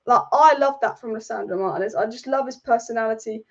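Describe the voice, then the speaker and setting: A woman's voice: a little high, fast talker, highs cut off. A woman hosting a football livestream from her room, talking bluntly, swearing freely and repeating herself. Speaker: football channel host. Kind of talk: casual livestream chat.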